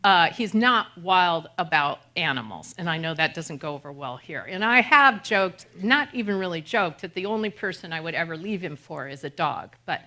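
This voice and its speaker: A middle-aged woman minister giving a conversational sermon, telling self-deprecating stories with animated delivery and laughter. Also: fairly low pitch, normal speed, hardly any pauses.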